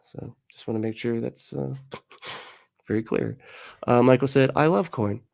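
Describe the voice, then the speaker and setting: A man's voice: mid-range voice, moderate pace, gravelly, a little mellow. A man hosting a livestream, reading chat comments in a rambling, jokey way and laughing often.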